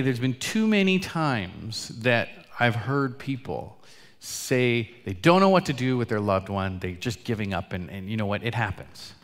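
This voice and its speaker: A man preaching a sermon as pastor, earnest, swinging between loud emphatic lines and quiet, soft asides. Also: mid-range voice. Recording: long hall reverb.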